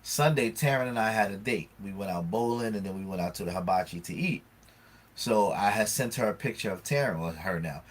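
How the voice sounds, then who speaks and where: Profane animated man telling a story. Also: fairly low pitch, a little fast. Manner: animated storytelling, profane, acts out both sides of an argument. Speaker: podcast co-host. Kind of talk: casual chat.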